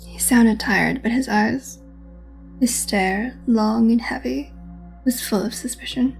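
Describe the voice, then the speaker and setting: A woman's voice: fairly high pitch, takes it slowly, creaky, darkish tone. A woman gaming host reading a visual novel aloud, mixing dramatic reading with casual asides. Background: faint game music.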